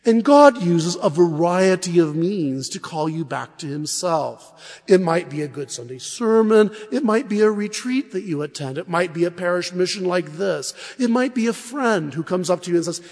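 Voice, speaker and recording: A man preaching a sermon at a parish mission, telling Bible stories in a lively, humorous way. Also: fairly high pitch, moderate pace, in a large hall. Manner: animated storytelling with humor.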